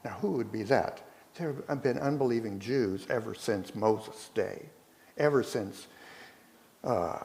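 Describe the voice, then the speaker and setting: Slow, questioning male Bible teacher. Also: mid-range voice, a little mellow. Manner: slow, conversational, with rhetorical questions. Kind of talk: verse-by-verse Bible study teaching. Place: church.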